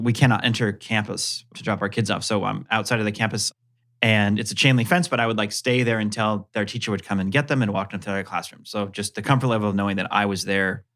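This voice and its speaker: A man in his thirties, a guest podcast co-host, telling a self-deprecating story in a casual, animated way. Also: on the low side.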